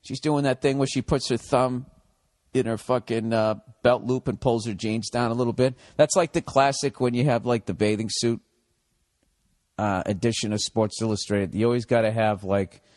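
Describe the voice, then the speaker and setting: A man's voice: mid-range voice, darkish tone, no room sound, studio quality. A man in his forties with a Boston accent, hosting a podcast and delivering a profane, sarcastic solo rant. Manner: profane, sarcastic ranting with frequent asides. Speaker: podcast host.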